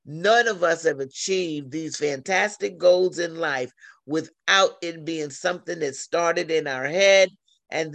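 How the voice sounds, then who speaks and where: A man delivers a sermon at an unhurried, drawn-out pace, his voice rough and gravelly. He sits a little higher than most men and leans on repetition, circling back over each phrase. The sound is dry and close, with no room around it. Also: a bit bright, no echo. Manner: slow, deliberate preaching with repeated phrases. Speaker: preacher. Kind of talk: sermon over a phone line.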